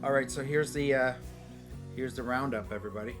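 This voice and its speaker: Chatty dad hosting a family vlog. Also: male voice, medium pitch, fairly quick, music in the background. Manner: chatty and exclamatory, repeats himself. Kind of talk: casual family vlog chat.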